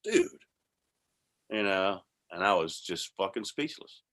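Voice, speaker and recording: A man telling a casual, animated story, heavy on swearing and bursts of laughter. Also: deep voice, moderate pace. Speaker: guest musician.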